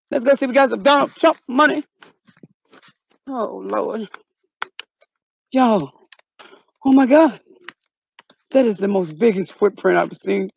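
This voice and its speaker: A woman vlogging outdoors, talking in a dramatic, excitable way with exaggerated fright. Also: fairly high pitch, measured pace, vocal fry, pauses often, slightly rough, dry recording, lo-fi sound. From North Carolina. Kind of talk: casual comedic vlog. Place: outdoors in the cold.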